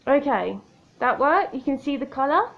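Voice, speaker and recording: Girl doing a makeup tutorial, kinda high voice, gravelly, dull tablet sound. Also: sing-song, normal speed. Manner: chatty, self-mocking, talks to the viewer. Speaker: makeup vlogger. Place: indoor room by a window. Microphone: tablet camera.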